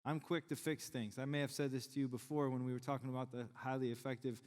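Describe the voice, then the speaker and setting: In a large church sanctuary full of long hall reverb, a middle-aged pastor jokes and chats his way through a sermon to the congregation. His deep, slightly mellow voice barely moves in pitch and he talks quickly.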